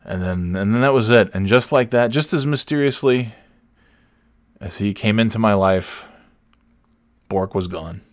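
A man hosting a podcast, telling a rambling, self-correcting story in casual chat and jumping up in pitch when he quotes people. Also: unhurried, pauses often, dry recording, clean studio sound. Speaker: podcast host.

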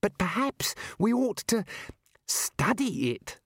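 A man's voice: fairly high pitch, animated, moderate pace, dry recording, clean studio sound, voice pushed up. A man voicing a patient, nervous young male wizard scholar who objects carefully.

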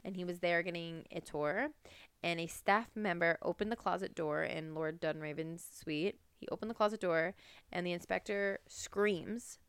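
A woman's voice: on the low side, moderate pace, a bit bright, smooth, no room sound. Chatty young woman telling ghost stories. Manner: chatty, many "like" fillers, breaks into laughter. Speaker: podcast co-host. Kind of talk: casual true-crime and ghost story chat.

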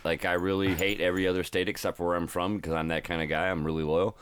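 A man's voice: low voice, flat delivery, fast, fairly bright tone, a little hiss or hum. A man from Ohio, a truck driver, chatting casually on a podcast, rambling with lots of filler words and restarts.

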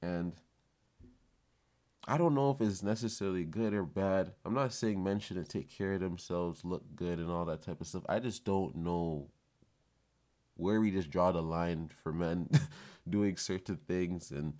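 A man with a very low voice rambles through an opinion monologue for his viewers. He keeps it loose and chatty, throwing out rhetorical questions and lots of "you know" fillers. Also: measured pace, darkish tone. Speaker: vlog host.

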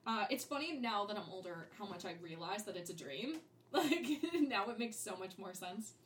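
A woman's voice: medium pitch, animated, moderate pace, slight background noise. A young adult woman co-hosting a podcast in casual chat, giggling often and quoting lines in playful voices. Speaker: podcast co-host.

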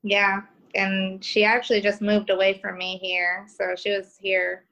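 A woman in her thirties from New York with a Southern twang, telling stories as a podcast guest in a laid-back, halting way. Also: medium pitch, monotone, creaky, bright, forceful tone, low-quality recording. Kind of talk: casual interview chat.

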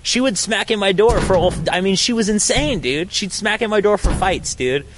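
A man's voice: sits high, expressive, moderate pace, noisy background. A young adult man casually telling a story outdoors on a college campus, slangy and profane, saying "dude" and "bro" a lot. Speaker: podcast host.

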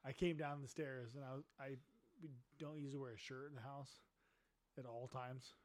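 A man's voice: mid-range voice, fairly even intonation, normal speed. A middle-aged man on a podcast, telling a story in a boisterous, profane way and laughing as he talks. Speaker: podcast co-host. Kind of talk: casual drunken storytelling.

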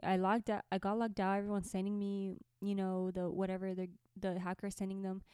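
Her voice is medium-pitched, brisk, and flat in delivery, with a darkish, clean tone in a dry, clean studio-sounding recording. The young podcast host and musician, seated by a window in a small orange bedroom, chats her way through a story to camera, laughing a lot and using plenty of fillers.

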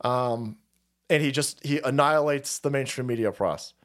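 A man's voice: mid-range voice, normal speed. A man hosting a livestream, ranting about politics in a heated, profane, repetitive way. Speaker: livestream host.

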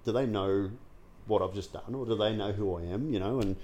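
A guest tells his recovery story in a candid conversational interview, his low voice brisk and warm. He speaks frankly and without guard, swearing heavily and full of fillers and restarts.

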